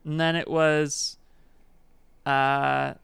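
A man's voice: fairly high pitch, level tone, very slow, gravelly, a bit bright, clean tone, no echo. A man co-hosting a podcast, explaining in a dry, wry way. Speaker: podcast co-host. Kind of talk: casual chat.

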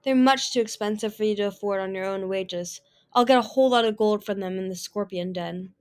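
A woman voicing a cold, sharp-tongued female dragon who snaps at her younger sister. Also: mid-range voice, a little fast, clear, resonant tone, lightly acted. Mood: curt. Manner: snappish, acerbic.

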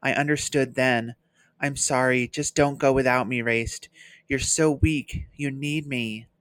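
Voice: mid-range voice, fairly even intonation, normal speed, a bit bright, no room sound, natural voice. A reader doing a sobbing big warrior. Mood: pleading. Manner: pleading, sobbing and wretched. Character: big, grief-stricken male warrior twin. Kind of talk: read-aloud novel passage.

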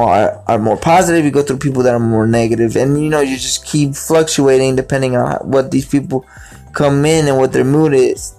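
A man's voice: mid-range voice, a little mellow. A man talking casually about his own life, rambling and repeating words, with faint music in the background. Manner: rambling, repeats words, acts out quoted greetings. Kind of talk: casual personal talk.

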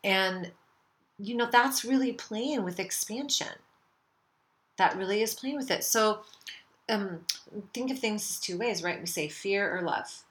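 A woman's voice: mid-range voice, unhurried, pauses often, a bit bright. A middle-aged woman hosting a spiritual self-help podcast, rambling casually, swearing now and then and acting out the voices in her head. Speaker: podcast host.

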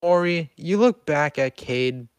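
A young man narrates a tabletop game for his friends, stopping and restarting with fillers as he describes the scene. His voice sits a little high. The sound is close and dry, as on a call mic. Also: animated, clear, resonant tone, dry recording. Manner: halting, filler-heavy narration with laughs. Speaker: game master.

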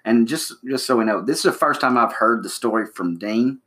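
A man's voice: mid-range voice, brisk. A man hosting a casual chat, listening and asking short questions to draw out a story. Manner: relaxed listener, brief prompting questions. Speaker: host.

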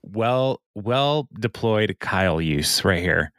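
A man with a fairly low voice, recorded dry and close, recapping a sitcom episode in a loose chatty way. He laughs often and slips briefly into the characters' lines as he retells each scene. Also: animated, takes it slowly, a bit bright, no echo. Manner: laughs often while talking. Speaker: podcast co-host.

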